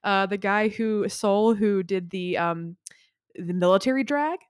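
A woman's voice: medium pitch, measured pace, smooth, no echo, clean studio sound. A woman co-hosting a podcast, tearful and sniffling as she talks earnestly and rambles about a film she loves. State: tearful, crying. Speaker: podcast co-host. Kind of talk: emotional film discussion.

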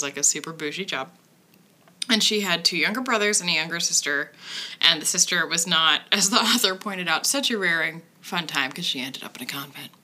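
An Irish woman co-hosts a podcast, telling a true crime story in a chatty, wry manner packed with fillers. Her voice is lowish, pushed, and bright.

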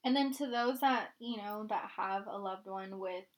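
A woman's voice: mid-range voice, normal speed. A young woman co-hosting a podcast, talking candidly and emotionally in casual chat, swearing freely. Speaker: podcast co-host.

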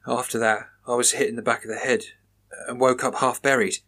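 A man's voice: medium pitch, steady tone, fairly quick, sharp tone. A man voicing a frightened young man who speaks shakily and stammers. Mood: shaken. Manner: shaky, stammering.

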